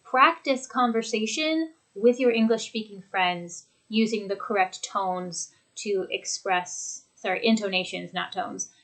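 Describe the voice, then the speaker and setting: A woman teaching an English lesson from a home desk, speaking clearly and deliberately as she demonstrates intonation. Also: mid-range voice, a bit bright, poor audio. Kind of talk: recorded lesson. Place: home office with a computer.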